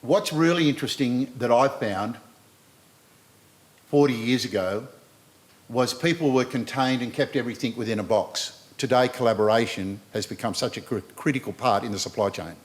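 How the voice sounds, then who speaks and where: A man's voice: medium pitch, moderate pace. An Australian man in his sixties, speaking earnestly on a live panel and addressing the audience directly, with frequent repetition. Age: 60s. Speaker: panel speaker and university lecturer.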